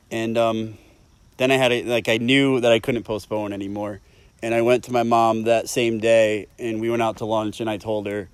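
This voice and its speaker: A man's voice: fairly low pitch, flat delivery, moderate pace, clear, resonant tone, no room sound. Man, 30s, recovery meeting share, candid, emotional, swears a lot, dry sound. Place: meeting room.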